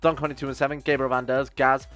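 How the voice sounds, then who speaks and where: A man giving let's play commentary on a strategy game, exasperated and swearing, swinging between loud outbursts and low grumbles. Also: level tone, fast talker, soft background music. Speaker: game streamer.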